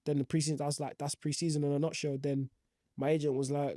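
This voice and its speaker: A young man with a slightly high, mellow voice talks quickly and in a level tone as he casually recounts his football career. As a professional footballer guest, he rambles in slangy speech full of fillers, recorded in clean studio sound without echo.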